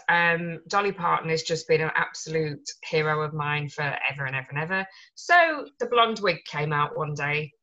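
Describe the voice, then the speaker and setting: Lady guest, jokey and bubbly, low-ish bright voice, muffled recording. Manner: bubbly, jokey, laughs often. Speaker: podcast guest, small business owner. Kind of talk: casual chat.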